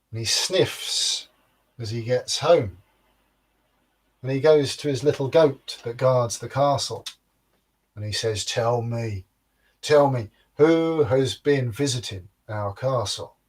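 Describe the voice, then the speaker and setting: A man telling a folktale aloud in a slow, rhythmic and dramatic manner. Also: medium pitch. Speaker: storyteller.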